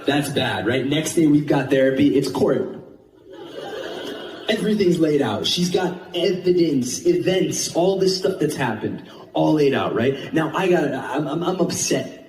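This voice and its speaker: A man doing stand-up, telling a story in an animated, self-mocking way and acting out the dialogue. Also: fairly high pitch, measured pace, roomy sound, distant mic, a little hiss or hum, poor audio. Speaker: stand-up comedian.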